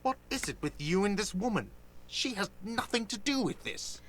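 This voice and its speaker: A whiny, defensive cafe manager. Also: male voice, high-pitched, very animated, normal speed, slight background noise. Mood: irritated. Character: petty, defensive middle-aged male cafe manager. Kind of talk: video game voice acting.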